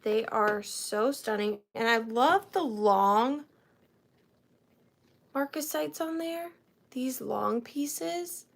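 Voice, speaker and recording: A woman's voice: a little high, extremely slow, gravelly, pauses often. A woman hosting a live online antiques sale from her home office, chatting with viewers by name and counting down bids. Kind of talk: live-stream auction chat.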